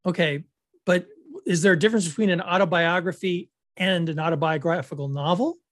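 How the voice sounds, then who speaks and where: A woman's voice: lowish voice, brisk, no echo, clean studio sound. A woman in her fifties co-hosting a podcast in casual chat, asking curious questions. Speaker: podcast co-host.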